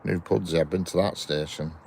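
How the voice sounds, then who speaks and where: Northern english bloke rambling at the trackside, deep gravelly voice, bit of outdoor noise. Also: male voice, steady tone, a little fast, a little mellow. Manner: chatty, rambling, answers viewers one by one. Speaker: trainspotting livestream host. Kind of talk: casual chat reading live messages. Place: outdoors by a railway line. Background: birds and outdoor ambience.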